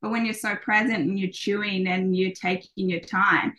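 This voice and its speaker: A woman's voice: mid-range voice, fairly even intonation, normal speed, pushed and bright. A woman in her thirties, a podcast guest, talking casually with many ums and restarts.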